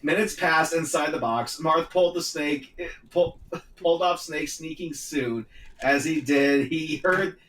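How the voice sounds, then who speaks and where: A man hosting a casual talk show, reading a story aloud in a halting way with frequent restarts. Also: fairly high pitch, a bit bright. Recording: roomy echo, distant mic, faint noise.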